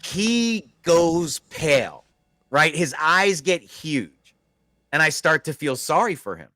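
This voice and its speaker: This middle-aged man hosts a podcast and tells a long, rambling story casually, restarting frequently and laughing as he goes. His voice is a little high and sing-song, slow and sharp in tone, with no echo.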